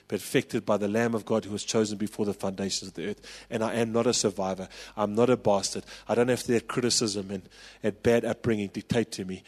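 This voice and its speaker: South African pastor preaching in a reverberant hall. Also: male voice, fairly low pitch. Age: 40s. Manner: impassioned storytelling, building to loud calls. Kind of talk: sermon.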